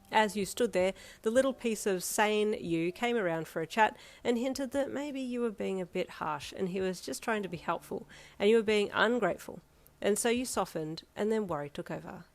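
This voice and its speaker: A woman narrating a second-person fan fiction story in a casual storytelling manner. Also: mid-range voice.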